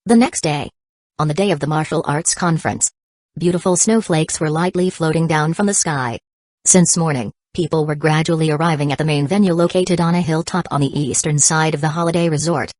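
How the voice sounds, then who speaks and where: Low-voiced woman narrating a novel. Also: brisk, darkish tone, no echo. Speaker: audiobook narrator. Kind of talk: scripted narration.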